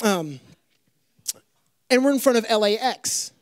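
A young adult man preaching a sermon in an animated, joking storytelling manner. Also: very high voice, measured pace, smooth, no echo.

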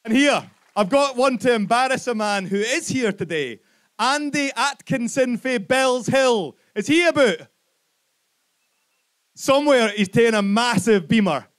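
A man's voice: extremely high pitch, lively intonation, a little slow, a bit bright. A man with a Scottish accent, compering a rally with chatty, jokey announcements.

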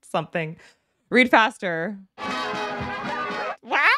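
A woman's voice: medium pitch, big pitch swings, very slow, music in the background. Giggly woman reacting to a movie. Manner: giggly, reads on-screen text aloud. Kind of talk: casual reaction commentary. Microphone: headphones, close desk mic.

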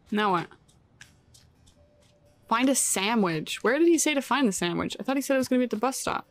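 A woman's voice: on the high side, lively intonation, brisk, long pauses. A woman streaming a cozy video game, chatting casually with playful, giggly reactions and jokey asides. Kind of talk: casual live game commentary.

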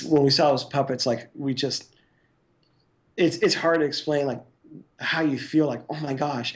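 Guest animator, man, casual and rambling, mid pitch, storytelling. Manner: rambling, full of "like" and "you know". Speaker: guest stop-motion animator. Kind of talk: casual interview recollection.

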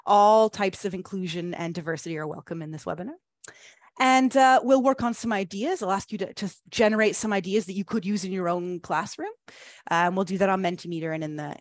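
Woman presenting an online teacher-training webinar, upbeat and encouraging, mid-pitched, dry close computer mic. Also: no room sound. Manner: upbeat, encouraging, reads chat aloud with quick praise.

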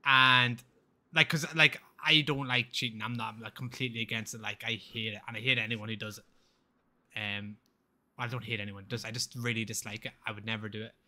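A young man, telling a rambling story in casual chat as a game streamer, animated and swearing freely. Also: mid-range voice, a little fast. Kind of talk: casual storytelling while gaming.

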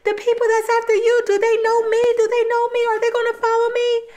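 A woman voicing a frightened young woman who fires off frantic questions in a shrill voice, in a casual true-crime retelling. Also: completely flat delivery, fast talker, darkish tone. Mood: panicked. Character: panicked young woman pretending fear.

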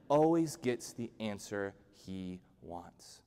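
A man's voice: on the high side, animated, normal speed. A male pastor giving a humorous, conversational sermon in a church. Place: church sanctuary. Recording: long church-hall reverb.

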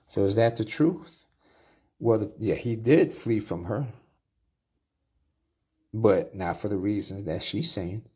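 A man's voice: fairly low pitch, slow pace, pauses often, dark tone, slightly rough. A man preaching a Bible study sermon, reading scripture aloud and then explaining it in plain talk with restarts and asides.

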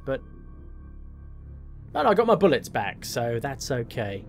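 A man's voice: mid-range voice, sing-song, moderate pace, long pauses. Wry man commenting on gameplay. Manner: wry, self-mocking, thinking aloud. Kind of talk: playing a game with commentary. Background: faint game music.

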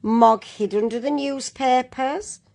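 A woman reading a picture book aloud to children, gently adding little asides to young viewers. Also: sits high, slow, vocal fry. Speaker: storyteller.

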